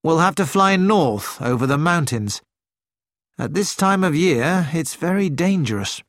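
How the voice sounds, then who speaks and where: A man reading a steady young pilot. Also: a little high, a little slow, no room sound, studio quality. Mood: grim. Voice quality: steady, grim. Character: young male pilot, calm loyal friend.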